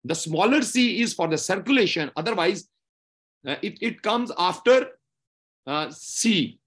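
A man lectures on medical exam steps, his fairly high voice rising and falling a lot. He sounds a bit husky and keeps repeating points and asking "okay?" to check understanding. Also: lively intonation, measured pace, fairly bright tone. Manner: repetitive, explanatory, frequent "okay?" checks.

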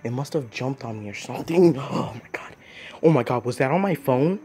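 A man's voice: medium pitch, expressive, a little fast, dark tone. A young man talks casually into his phone outdoors at night, his voice sitting in an ordinary middle range. He keeps breaking into squeamish, jumpy exclamations as he narrates. A faint outdoor hiss sits under the recording. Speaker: nature vlogger.

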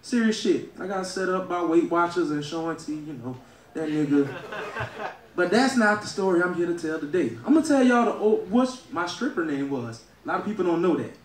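Southern guy doing stand-up, kinda high voice, echoey club sound from far off. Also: lively intonation, brisk. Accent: Southern American. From Louisiana. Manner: loud, crowd-working, laughing at own jokes. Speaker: stand-up comedian. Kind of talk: live stand-up comedy. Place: comedy club stage. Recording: echoey club room, heard from afar.

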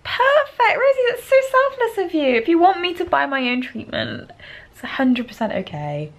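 A young woman chatting excitedly on a casual vlog, playful and swearing freely, from a car and a hotel room. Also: sits high, normal speed, gravelly. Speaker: vlogger.

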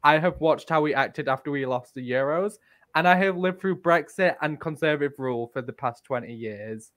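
A man with a Northern English accent, co-hosting a casual podcast chat and ranting with animated, sweary mock outrage. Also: on the high side, moderate pace. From England. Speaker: podcast co-host.

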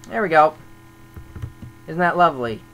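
A man's voice: fairly high pitch, lively intonation, normal speed, bright, forceful tone, low-quality recording. A man talking casually over gameplay as a server admin, grumbling and thinking aloud as he goes.

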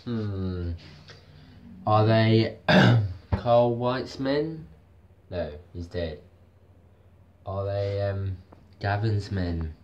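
Male reviewer, casual video review, slow delivery, lowish voice, rambling, repetitive, lots of ums. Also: highs cut off, a little hiss or hum. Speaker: TV soap reviewer.

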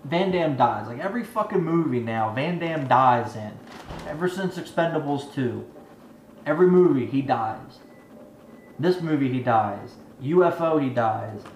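A man's voice: medium pitch, lively intonation, unhurried, slight background noise. A man giving a profane, rambling movie review rant, exasperated and swearing constantly. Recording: echoey room with faint ambience.

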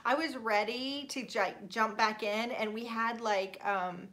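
A woman's voice: on the high side, fairly even intonation, measured pace, a bit bright, slight background noise. A woman from Florida chatting casually while hosting a live stream, greeting viewers by name, laughing often and apologizing when she mispronounces names. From Florida, USA. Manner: apologetic and self-deprecating about pronouncing names. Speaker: livestream host.

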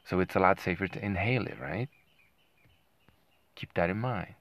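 Sarcastic deep gravelly man ranting. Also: moderate pace, a bit bright. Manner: combative, sarcastic, keeps asking "right?". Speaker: boxing commentator. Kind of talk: ranting commentary to camera.

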